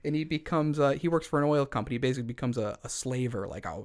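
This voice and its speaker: A man's voice: mid-range voice, racing, a little mellow. A man co-hosting a podcast, retelling a story in a casual, irreverent way with wry asides. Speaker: podcast co-host.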